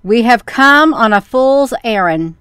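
A woman's voice: a little high, animated, slow, fairly bright tone, clear, resonant tone, no room sound. A woman voicing a grim, grumbling black rabbit that bears a coffin in a storybook reading.

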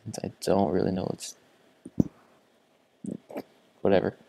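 Congested guy playing a game, slow drawly talk, gasps a lot and mutters to himself. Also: low voice, husky. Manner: excitable, gasping, muttering to himself. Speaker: gaming channel host. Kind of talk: let's play commentary.

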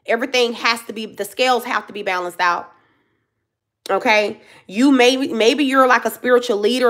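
A woman in her thirties with a fairly high, somewhat bright voice gives a casual tarot reading. She's blunt and emphatic, repeats herself, and swears freely.

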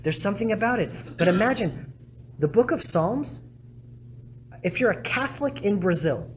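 Animated man telling stories to a congregation. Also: moderate pace, a little hiss or hum. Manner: animated, acts out quotes with big swings in pitch and loudness. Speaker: rabbi giving a talk. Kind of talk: storytelling talk to a congregation. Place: synagogue congregation hall.

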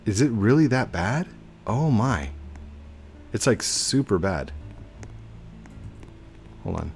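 A young man chatting through a live game stream in a low voice that leaps around with lively swings. He talks in an unhurried, drawn-out way and coos baby talk at his in-game dog, with faint game music running underneath. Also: gravelly. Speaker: gaming streamer. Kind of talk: casual live gameplay commentary. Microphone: desk mic with webcam.

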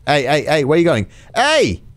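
A man's voice: fairly high pitch, huge pitch swings, moderate pace, a bit bright. A man giving casual gameplay commentary with exaggerated reactions, sarcasm and swearing. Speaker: gaming channel host.

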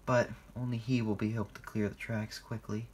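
A man's voice: lowish voice, level tone, brisk, darkish tone, a little hiss or hum. A man reading his own fan story aloud, informally and with small slips.

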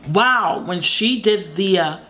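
A woman's voice: medium pitch, expressive, takes it slowly, pushed and bright. A woman hosting a music reaction video, talking in a dramatic, exclamatory, sassy way. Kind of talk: casual reaction commentary.

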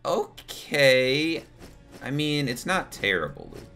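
A young man giving live, excitable gameplay commentary to his chat, swearing and laughing as he plays. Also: mid-range voice, slow pace, faint music behind. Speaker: streamer.

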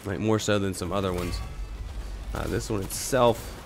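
A man's voice: low-pitched, normal speed, gravelly, faint music behind. A man with a cold, coughing now and then while casually commenting on his live gameplay and chatting to teammates and viewers. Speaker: gaming streamer.

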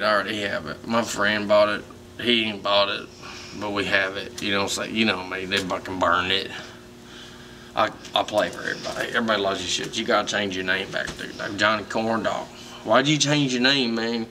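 Man putting on a drunk Southern fan, slurry rambling, swearing, bright-toned, mic from afar. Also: mid-range voice, lightly acted. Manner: rambling, profane, repetitive. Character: drunk rambling male fan, pushy and overfamiliar. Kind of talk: comedic character monologue. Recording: distant mic with faint background noise.

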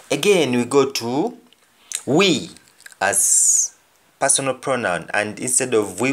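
A man teaching a language lesson, repeating each example phrase deliberately. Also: on the low side.

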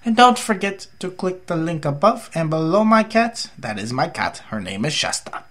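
A man's voice: on the high side, sing-song, normal speed, pushed and bright. A tired young man from the United States rambling through a casual, jokey vlog update as a gaming YouTuber.

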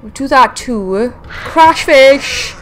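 A bubbly woman narrates her game playthrough with a high, lively voice that swoops up and down. She takes her time with the words, chatting to viewers and coaxing the sea creatures along. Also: extremely slow, a little hiss or hum. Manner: excitable, chatty, talks to viewers and creatures, frequent laughs. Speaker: gaming video host. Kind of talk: casual let's-play commentary.

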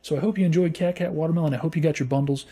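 A man hosting a gaming channel, giving playful, casual commentary as he plays and squealing high when things go wrong. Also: steady tone, racing, warm tone, breathy edge. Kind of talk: casual let's-play commentary.

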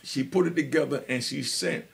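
A man's voice: medium pitch, moderate pace, vocal fry. A man from Jamaica, hosting a live podcast and telling his life story in a street-talk style, often checking that listeners understand. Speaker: podcast host.

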